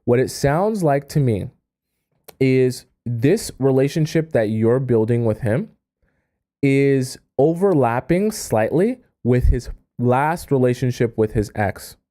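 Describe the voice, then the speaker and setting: A male dating coach on a live stream, with a mellow, warm-toned voice at an ordinary pitch. He reads a viewer's story aloud and breaks in with exasperated, incredulous asides and quick advice. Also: animated.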